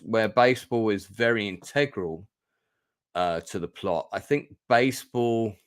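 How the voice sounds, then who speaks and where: A man's voice: fairly low pitch, no room sound, clean studio sound. A man hosting a casual film review stream, talking in a rambling, hesitant way with many fillers and emotional asides. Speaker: host.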